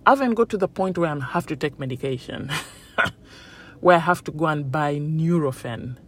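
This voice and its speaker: A woman's voice: low-pitched, animated, normal speed, fairly bright tone. Upbeat chatty woman vlogger. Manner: upbeat and chatty, acting out quotes. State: tired after running. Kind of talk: casual motivational talk to viewers.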